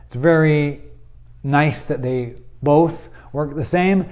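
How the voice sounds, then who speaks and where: Slow, patient man teaching Hebrew grammar. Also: fairly high pitch, a little mellow. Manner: patient, explanatory, many fillers. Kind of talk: classroom lesson explaining grammar.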